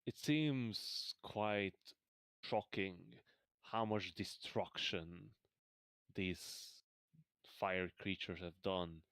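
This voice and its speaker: A man narrating a tabletop game as game master, slow and halting as he describes the scene. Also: low voice, a bit bright, smooth, dry recording.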